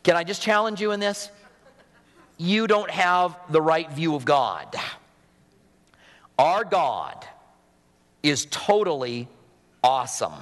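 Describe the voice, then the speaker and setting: A sniffly man preaching from the pulpit, earnest and chatty, with wry asides. His voice sits a little high for a man. It rings out with a long reverb through the church sanctuary. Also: expressive, slow, pauses often, fairly bright tone. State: sniffly from a cold. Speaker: pastor. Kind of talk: sermon.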